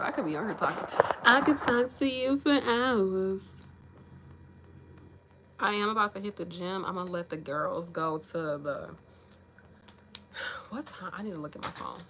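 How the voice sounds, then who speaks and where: A woman's voice: on the low side, a little fast, background noise. A woman, giving casual motivational talk in a frank, profane, big-sister manner. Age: 30s. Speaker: nurse vlogger.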